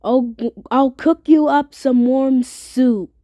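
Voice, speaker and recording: A woman's voice: high voice, steady tone, slow pace, warm tone, no room sound, studio quality, pitched below the performer's own voice. A woman voicing a caring mother who tells her sick child to stay in bed, in a toy play story. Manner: soothing, caring.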